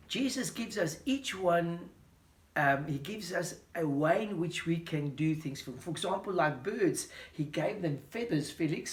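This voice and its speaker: A man telling a Bible story to children, animated and full of questions for his listener. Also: high-pitched. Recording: roomy echo.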